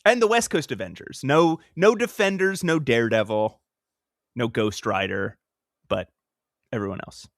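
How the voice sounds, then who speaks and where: A man co-hosts a comics podcast in loose, jokey chat, quick to laugh and happy to swear as he cuts in with quips. His voice sits at an ordinary middle pitch. It is recorded dry and close. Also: animated, vocal fry, dry recording. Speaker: podcast co-host. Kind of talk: casual chat.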